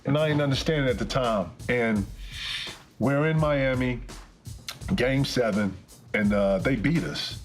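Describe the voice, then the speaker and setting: A man's voice: medium pitch, a little slow, pauses often, faint music behind. A man speaking as a guest in a casual interview, talking in a reflective, loose and profane way.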